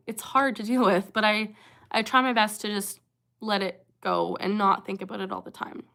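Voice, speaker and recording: A woman's voice: mid-range voice, sharp tone. A young woman hosting a casual livestream, chatting earnestly with viewers and breaking off with sudden vocal tics. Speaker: livestream host answering chat.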